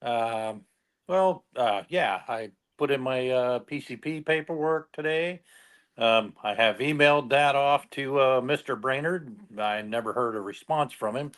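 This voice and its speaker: A man's voice: medium pitch, measured pace, a bit bright. A man guest on a live-stream chat, speaking hesitantly with many ums and uhs.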